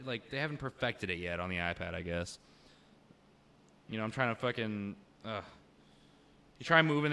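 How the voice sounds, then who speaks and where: A young man with a smooth, resonant voice rants in casual conversation with a friend. He swears constantly and gets animated and loud as he vents his frustrations. His tone is heated and exasperated throughout. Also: medium pitch. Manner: profane, ranting, animated. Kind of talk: casual chat.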